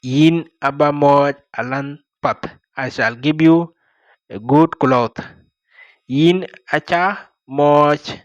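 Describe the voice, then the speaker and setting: A man's voice: fairly high pitch, no room sound. A man with a Dinka accent teaching a language lesson, repeating each phrase and explaining it word by word.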